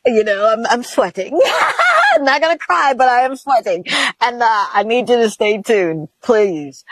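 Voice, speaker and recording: A woman's voice: on the high side, dry recording, rough recording. A woman from Mississippi, hosting a talk show in a bubbly way, laughing often and speaking straight to viewers. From Mississippi, USA.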